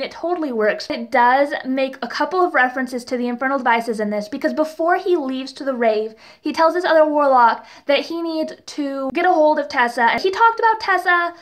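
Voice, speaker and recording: A woman's voice: high voice, fairly bright tone. A young woman reviewing a TV episode in a casual vlog, chatty and gushing, with lots of fillers and exasperated rhetorical questions. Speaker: TV and book reviewer.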